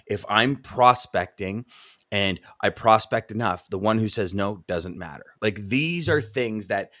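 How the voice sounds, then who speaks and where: Male host and coach, low-pitched, animated and loose in casual live-stream talk. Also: unhurried. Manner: animated, repeats words, reads viewer comments aloud. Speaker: podcast host and trucking coach.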